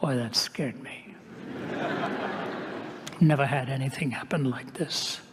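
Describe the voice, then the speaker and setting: An older man preaching a storytelling sermon in a conversational way, sinking into hushed tones at solemn moments. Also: medium pitch, slow, noisy background. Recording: reverberant hall.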